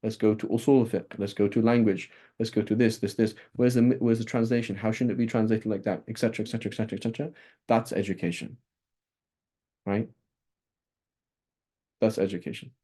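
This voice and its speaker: A man teaches a class on Islamic texts in a lively, conversational manner, frequently checking in with "right?" and restarting sentences. His voice is on the low side, and he speaks briskly while pausing often.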